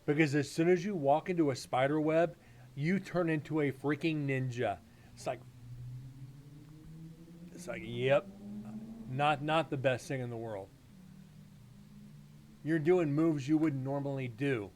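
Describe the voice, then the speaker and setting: A man's voice: on the high side, moderate pace, darkish tone, a little hiss or hum. A man hosting a live paranormal stream, telling rambling, profane stories in casual chat.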